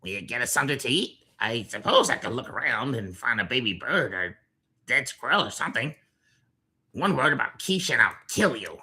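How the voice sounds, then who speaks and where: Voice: medium pitch, very animated, normal speed, sharp tone, slightly rough, heavily acted. Whiny bickering rat creatures. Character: squabbling cowardly rat creatures on the run. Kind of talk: video game character dialogue.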